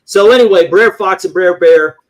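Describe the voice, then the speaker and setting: Animated ranting man, fairly high voice. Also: normal speed. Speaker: livestream co-host. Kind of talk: casual chat.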